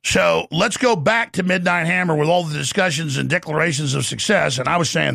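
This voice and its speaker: A man hosting a political talk show, ranting loudly and mocking people with put-on voices. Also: fairly high pitch, brisk, no echo, clean studio sound. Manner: gravelly, shouting, mocking impressions.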